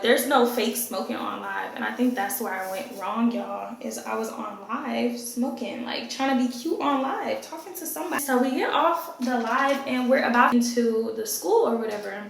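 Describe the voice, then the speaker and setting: A young adult woman telling a casual storytime vlog to her viewers in an animated, profane way. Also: fairly high pitch, gravelly. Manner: animated, profane, keeps addressing viewers as y'all. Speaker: vlogger. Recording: very echoey room.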